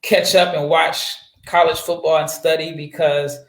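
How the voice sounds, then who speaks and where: A man's voice: fairly high pitch, little pitch movement, unhurried, vocal fry, a bit bright. A man from Nebraska, a guest draft analyst, telling a long story in casual interview chat with lots of fillers and restarts. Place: home setup, away from his usual mic. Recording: roomy echoey sound.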